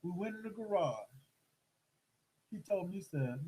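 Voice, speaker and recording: A middle-aged man telling a story in casual chat, animated and acting out the voices of the people in it. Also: high voice, normal speed, pauses often, slightly rough, rough recording. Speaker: host.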